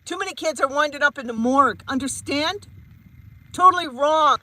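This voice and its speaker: Heated, high-pitched woman ranting. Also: animated, a little fast, very noisy. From Canada. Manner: emphatic, repetitive, heated. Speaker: psychic medium. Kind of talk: vlog rant to camera.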